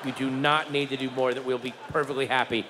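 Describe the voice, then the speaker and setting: A man's voice: mid-range voice, level tone, fast talker, voice pushed down, natural voice. A man doing an anxious woman manager. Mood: pleading. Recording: reverberant live venue with crowd noise.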